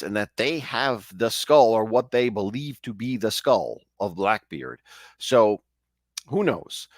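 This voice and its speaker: A man's voice: medium pitch, no echo, clean studio sound. A man hosting and telling local ghost stories in a casual, conversational way, often restarting and correcting himself. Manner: conversational, chatty, with frequent restarts and asides. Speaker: storyteller host.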